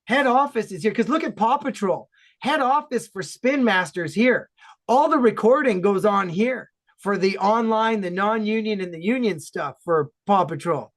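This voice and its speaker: Man, Ontario Canadian accent, podcast regular, casual chat, energetic, emphatic. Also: high voice. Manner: energetic, emphatic, fast bursts.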